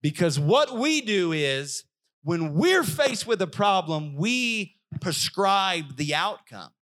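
Young guy pastor preaching, pretty high bright voice, slow, acts out little voices. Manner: animated, acts out voices of God and worshippers. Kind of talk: sermon.

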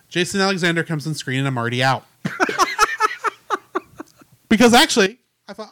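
Man, high-pitched, animated opinionated rant, dry close mic. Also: normal speed, long pauses, clean tone, no room sound. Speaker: podcast co-host. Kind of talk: casual movie review chat.

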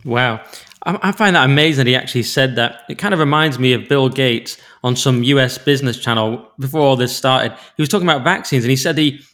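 A male co-host talks in a casual, conversational way at a mid pitch. He often restarts his sentences and reacts quickly to what others say. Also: a bit bright. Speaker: podcast co-host. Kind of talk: casual chat.

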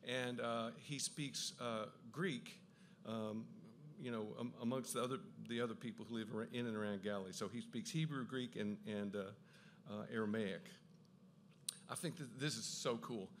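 A man giving an enthusiastic Bible talk, with quick asides and frequent restarts as he explains. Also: medium pitch, slight background noise. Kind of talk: lively lecture on the Gospels.

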